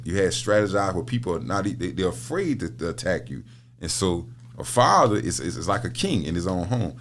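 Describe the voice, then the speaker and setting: Deep-voiced middle-aged man telling stories. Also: slight background noise. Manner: storytelling, repeats words, laughs often. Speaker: podcast guest, prison minister. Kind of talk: casual interview talk.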